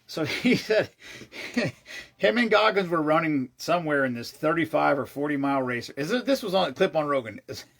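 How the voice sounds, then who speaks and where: A man vlogging tells a long, rambling story in a casual, excitable way, swearing freely and often restarting sentences. His voice is on the high side and creaky.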